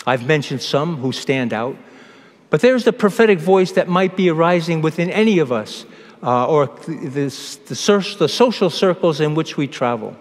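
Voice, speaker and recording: A man who is a priest, giving a homily in a measured preaching manner with pauses and restarts, recorded in a church. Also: fairly high pitch, animated. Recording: long church reverb.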